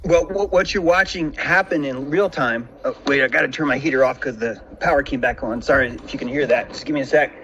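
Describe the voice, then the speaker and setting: A man's voice: medium pitch, fairly quick, few pauses, bright, forceful tone, muffled recording, slight background noise. A man hosting a casual podcast conversation, talking in intense, philosophical monologues from a home room. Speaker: podcast host.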